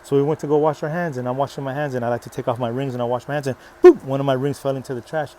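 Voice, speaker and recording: A man giving a faith-based motivational talk outdoors. He is preachy and energetic, repeats short rallying phrases, and swings between soft and loud. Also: medium pitch, very fast, a little hiss or hum. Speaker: motivational vlogger.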